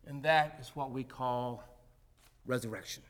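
A male pastor delivering a sermon, telling a story with rising intensity and then slowing into quiet, deliberate reflection. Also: mid-range voice. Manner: dramatic storytelling that swells loud, then drops to a hushed, slow close.

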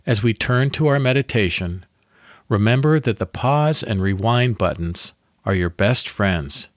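A man hosting a devotional podcast, reading a guided Bible meditation in a calm, measured way with pauses. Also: lowish voice, dry recording, studio quality.

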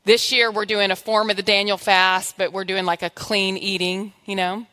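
A woman's voice: mid-range voice, little pitch movement, normal speed, bright, forceful tone. A woman pastor giving a conversational, humorous sermon in church, exhorting her congregation.

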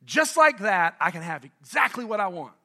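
A middle-aged man from North Carolina preaching a sermon as pastor, animated and conversational, asking the congregation questions and joking with them. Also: high-pitched, normal speed.

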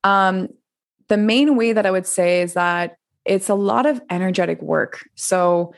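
A woman in her twenties, a coach and podcast guest, telling her story in a rambling, animated way with frequent laughs and restarts. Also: mid-range voice, measured pace, gravelly. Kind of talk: casual interview storytelling.

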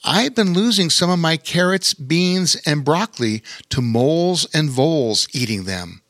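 A man's voice: on the high side, expressive, a little slow, fairly bright tone, no room sound, voice pushed up. A man voicing a kind, young-at-heart older woman in a children's story, grateful and chatty.

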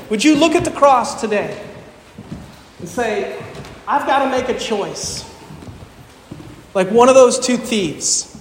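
High-voiced preacher in an echoing hall. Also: male voice, slight background noise. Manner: fervent, repetitive preaching cadence. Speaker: pastor. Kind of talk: sermon. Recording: echoey hall with long reverb.

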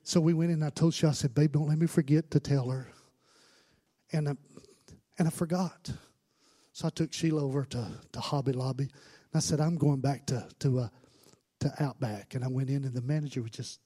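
A man preaching a sermon, swinging between quiet storytelling and loud, emphatic preaching. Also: mid-range voice, fairly even intonation, fairly quick, husky. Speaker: pastor.

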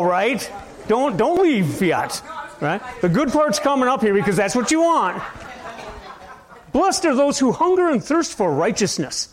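A man preaching a sermon in a conversational, rambling way, asking his listeners question after question and swinging between loud and soft. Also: sits high. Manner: conversational, asks the audience many questions. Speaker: pastor.

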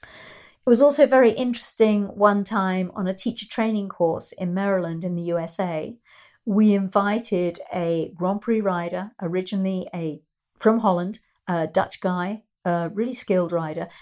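A woman's voice: medium pitch, moderate pace, a little mellow. A middle-aged woman and riding teacher giving an instructional talk, explaining ideas through anecdotes. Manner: explanatory, storytelling, acts out quoted voices.

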